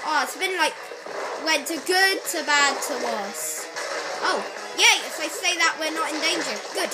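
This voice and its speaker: Excitable high-voiced woman gaming. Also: unhurried, low-quality recording. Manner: excitable, reacts loudly to the game. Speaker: gaming channel host. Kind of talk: live gameplay commentary. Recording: loud game music behind voice. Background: loud video game music.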